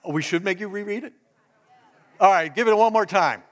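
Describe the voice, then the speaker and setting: Joking pastor leading an interactive sermon. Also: male voice, high voice, fairly quick. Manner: casual, joking, addresses the congregation directly. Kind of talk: sermon with audience participation.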